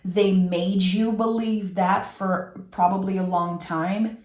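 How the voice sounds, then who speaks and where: Woman, tarot reader, soft emotional delivery, unhurried, roomy echo. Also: mid-range voice, steady tone. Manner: slow, soft and emotional, with drawn-out phrases. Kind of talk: intuitive tarot reading.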